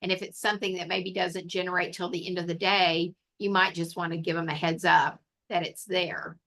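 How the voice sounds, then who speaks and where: A woman's voice: lowish voice, level tone, normal speed, vocal fry, sharp tone. A woman explaining things in a casual online meeting, rambling with many fillers, heard over a video call. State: has the hiccups. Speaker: meeting leader.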